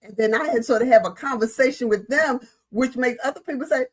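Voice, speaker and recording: A woman on a panel telling a school story in a lively, animated way. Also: on the high side, a little fast, few pauses, slightly rough. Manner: animated storyteller, acts out quoted voices. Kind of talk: casual panel talk.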